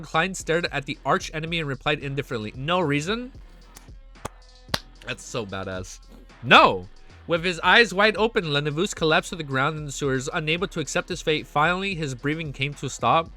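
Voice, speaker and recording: Excitable high-voiced young man reacting. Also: brisk, faint music behind. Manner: excitable, slangy, cuts in on his own reading with outbursts. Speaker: reaction streamer. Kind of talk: reading a web novel aloud and reacting.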